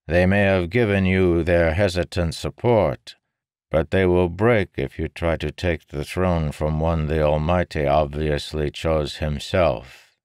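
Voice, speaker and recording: A man's voice: a bass voice, a little slow, no room sound, clean studio sound, voice pushed up. A man voicing a sly, amused king. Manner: smooth, needling, calmly persuasive. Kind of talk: audiobook character voice.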